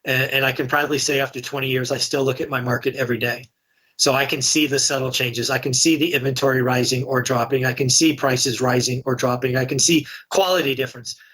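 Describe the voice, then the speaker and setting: Middle-aged man, slightly breathy voice, frank and chatty interview guest. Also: mid-range voice, fairly even intonation, brisk, a bit bright. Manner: candid, conversational, many restarts. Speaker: real estate investor and guest. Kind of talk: casual podcast interview storytelling.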